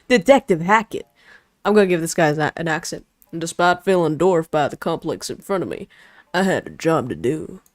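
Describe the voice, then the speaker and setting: A woman's voice: sits low, animated, normal speed, no echo. Chatty young woman vtuber playing a game, close dry mic, greeting chat. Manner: chatty, switches languages, greets chat playfully. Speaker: vtuber streamer. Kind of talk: casual live-stream chat and reading aloud.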